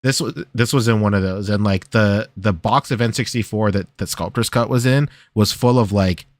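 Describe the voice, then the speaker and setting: A man's voice: on the low side, normal speed, no echo. A man co-hosting a podcast in casual chat, laid-back and hesitant, with many fillers and restarts. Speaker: podcast co-host.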